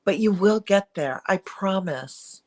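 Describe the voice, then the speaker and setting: A woman's voice: medium pitch, animated, takes it slowly, a little mellow. A middle-aged woman speaking as an interview guest, earnest and confessional, with emphatic pleading moments. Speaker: guest, perinatal mood disorder speaker. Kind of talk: candid interview conversation.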